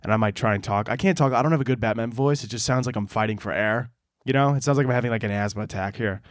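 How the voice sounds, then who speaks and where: A man's voice: medium pitch, quick pace, no room sound. A man hosting a solo podcast, talking casually in a rambling, profane, joking way into a close mic. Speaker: podcast host.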